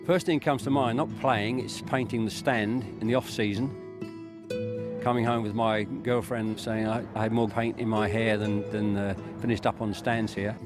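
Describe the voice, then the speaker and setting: A man's voice: on the low side, fairly even intonation, normal speed. An older former footballer wryly recalling his club days in an interview. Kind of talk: reminiscing interview. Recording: documentary music under voice.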